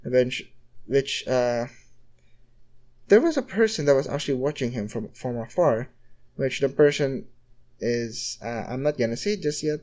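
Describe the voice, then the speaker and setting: A man narrating a homemade fan story off the cuff, rambling and restarting his sentences. He keeps reaching for the same filler word, at an ordinary middle pitch. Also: darkish tone. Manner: rambling, repeats "essentially" constantly.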